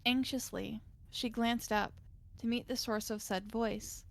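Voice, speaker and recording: A woman streamer narrating a visual novel in a steady, measured reading voice. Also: a little high, vocal fry.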